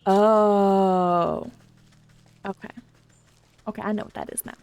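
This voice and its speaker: A woman's voice: medium pitch, little pitch movement, slow pace, darkish tone, a little hiss or hum. A woman streamer chatting casually and thinking aloud while playing a game. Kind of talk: casual gameplay commentary.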